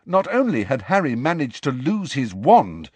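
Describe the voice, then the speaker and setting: A man reading a story aloud in a dramatic, expressive narration. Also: medium pitch, moderate pace, husky, no room sound. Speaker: audiobook narrator. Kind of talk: scripted narration.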